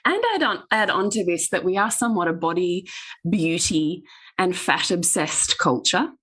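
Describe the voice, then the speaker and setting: A woman speaking as a podcast guest in candid conversation, emphatic and animated. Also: fairly low pitch, moderate pace, husky.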